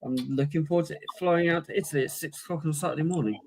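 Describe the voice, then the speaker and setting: A British man with a high voice co-hosts a relaxed podcast over a video call. He talks easily, often pausing on fillers, with a faint hiss behind him. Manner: laid-back, hesitant with fillers. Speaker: podcast co-host. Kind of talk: casual chat.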